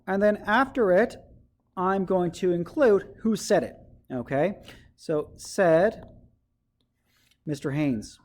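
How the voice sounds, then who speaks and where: A man's voice: high voice, expressive, slow, long pauses. A male teacher giving a writing lesson to children, explaining step by step and often checking in with "okay?".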